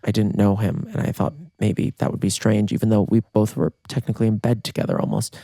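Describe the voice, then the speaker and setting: A man in his thirties hosting a podcast from his bedroom, telling funny stories in a lively way, jumping into high voices when acting out scenes. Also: brisk, creaky, no echo, clean studio sound. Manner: animated, acts out voices with big jumps in pitch. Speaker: podcast host. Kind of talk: comedic storytelling.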